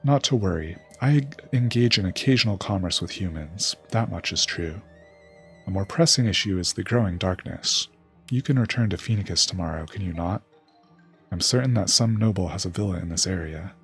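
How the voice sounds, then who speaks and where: A man's voice: sits low, fairly quick, vocal fry, slightly rough, soft background music, full character voice. A man reading out a sly, scheming male raven king from a game's dialogue.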